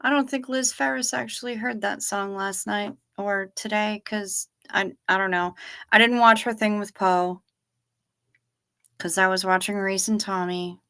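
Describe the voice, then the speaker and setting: A woman with a bright, clear tone talks casually to her viewers from her chair at home. She rambles along and often trails off. She is a little sleepy and keeps yawning. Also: medium pitch, fairly even intonation, unhurried. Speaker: livestream host. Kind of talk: casual livestream chat with viewers.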